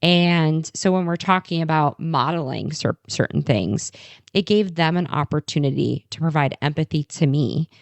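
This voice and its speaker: A woman's voice: deep voice, normal speed, gravelly, no echo. A woman in her thirties co-hosting a podcast, telling candid stories and affirming her co-host. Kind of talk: casual chat.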